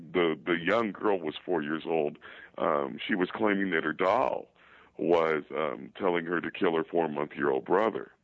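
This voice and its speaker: A man's voice: sits low, gravelly, no echo. A man, a paranormal investigator, talking casually in an interview, rambling with lots of fillers and repeated words. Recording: dull lo-fi dry audio.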